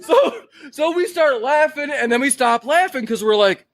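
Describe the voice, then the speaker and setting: A man's voice: very high voice, moderate pace, poor audio. A young man from Detroit, a podcast guest telling a wild story in casual, profane talk. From Detroit, Michigan. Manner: profane, animated storyteller, loud when acting out shouts.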